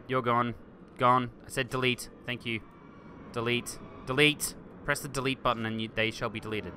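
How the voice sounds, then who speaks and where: A man hosting a game video, thinking aloud and getting excited as he chats to objects on screen. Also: mid-range voice, slight background noise. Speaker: gaming video host. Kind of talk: let's play commentary.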